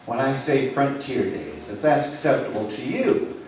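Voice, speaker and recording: A man from Nebraska working as a stage hypnotist in a comedy show, giving slow, soothing suggestions that sink soft and low when he tells people to relax. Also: lively intonation, slight background noise. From Lincoln, Nebraska. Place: indoor city hall room. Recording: echoey hall, voice from far off.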